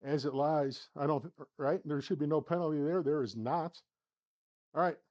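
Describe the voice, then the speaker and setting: A man with a slightly high, slightly mellow voice speaks at a normal speed and a steady tone, though the recording is muffled. He runs a sim golf channel and gives casual play-by-play of his own round shot by shot from his home simulator studio, muttering and swinging between flustered and upbeat.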